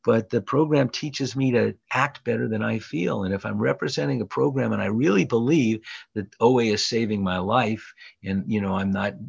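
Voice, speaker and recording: A man's voice: low voice, creaky, slightly rough, no room sound. A man in his late sixties giving a rambling, hesitant personal share from the podium at a recovery meeting. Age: 60s. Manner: rambling and hesitant, many fillers. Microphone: podium mic. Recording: dull lo-fi dry recording.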